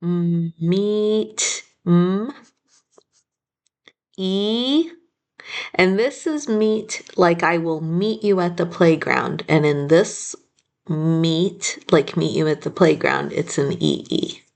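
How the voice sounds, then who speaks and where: Slow, patient woman teaching phonics. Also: sits low, creaky, darkish tone. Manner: slow, patient, sounding out words. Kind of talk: phonics spelling lesson.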